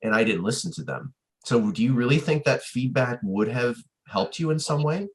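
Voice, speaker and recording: Halting interview host. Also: mid-range voice, animated. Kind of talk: conversational interview questions.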